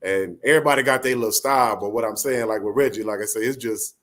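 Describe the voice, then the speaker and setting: A man's voice: lowish voice, quick pace, a bit bright. A man co-hosting a boxing talk show, chatting in a laid-back, rambling, slangy way. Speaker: boxing podcast co-host. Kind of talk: casual chat.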